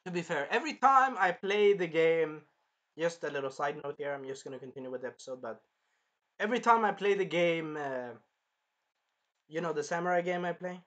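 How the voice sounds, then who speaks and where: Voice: mid-range voice, lively intonation, brisk. A person giving a casual, rambling spoken review of an anime episode, swearing freely and drifting off topic. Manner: rambling, profane, jumps into loud impressions of characters.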